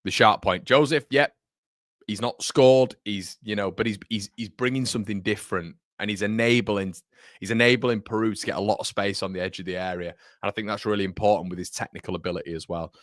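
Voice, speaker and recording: A man's voice: on the low side, fairly even intonation, a little fast, no echo, studio quality. A man hosting a fan livestream, chatting casually and reading out viewer comments, rambling and correcting himself as he goes. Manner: rambling, self-correcting, addresses viewers as mate. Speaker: fan channel host.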